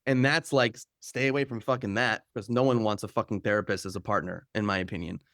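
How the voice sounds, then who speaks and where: A man's voice: on the low side, fairly even intonation, quick pace, a bit bright, dry recording, studio quality. A man hosting a podcast interview, talking casually with plenty of fillers and the odd swear word. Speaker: podcast host.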